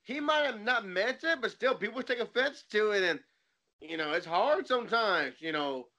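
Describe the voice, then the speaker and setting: Guy in his 40s hosting a podcast, high voice, rambles through stories. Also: expressive, normal speed, bright, forceful tone. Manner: rambling, loose storytelling. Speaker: podcast host. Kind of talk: casual chat.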